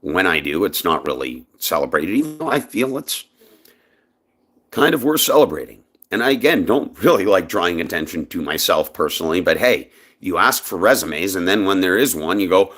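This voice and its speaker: Man from Canada, gravelly low voice, husky, emphatic vlog monologue. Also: normal speed. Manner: emphatic, impassioned, lively swings in pitch. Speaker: vlogger. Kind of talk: personal opinion monologue.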